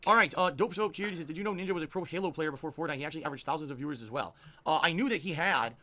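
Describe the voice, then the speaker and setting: A man's voice: fairly high pitch, rapid-fire, bright, forceful tone, slight background noise. A man streamer talking to his chat in an emphatic, defiant, rambling way. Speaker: game streamer.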